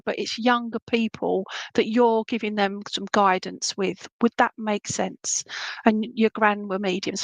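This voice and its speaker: A fairly high-voiced woman talks straight to one viewer in a live reading. She rambles on, calls them "my lovely" and keeps checking whether it makes sense. The sound is dry and close to the mic. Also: dry recording, low-quality recording. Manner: warm endearments, rambling, frequent "would that make sense?" check-ins. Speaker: psychic medium giving a live reading.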